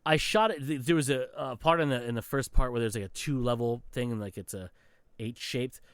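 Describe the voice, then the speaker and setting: A man's voice: mid-range voice, fairly quick, smooth, dry recording, clean studio sound. A man co-hosting a podcast, telling gaming stories in casual chat, swearing and acting out quotes. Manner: animated storytelling, swearing, acts out quotes. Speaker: podcast co-host.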